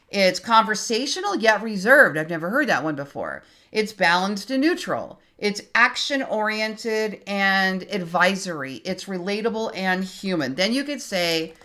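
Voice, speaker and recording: A woman in her fifties giving a screen-recorded tutorial, talking casually and thinking aloud as she types, reading her prompts out slowly. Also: medium pitch, sing-song, bright, forceful tone. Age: 50s. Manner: chatty, thinks aloud while typing, reads prompts out slowly. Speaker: creator teaching online tools.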